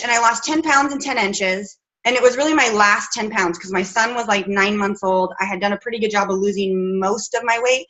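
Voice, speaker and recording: Woman, 30s, fitness coach, bright open voice, rambling chatty storyteller, at home. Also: mid-range voice, low-quality recording. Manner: chatty, rambling with fillers and restarts. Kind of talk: casual personal story.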